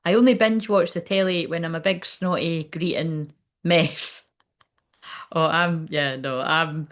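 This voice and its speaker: A woman's voice: low-pitched, steady tone, unhurried. A woman giving a casual livestreamed card reading, chatty and rambling, swearing freely. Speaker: tarot card reader.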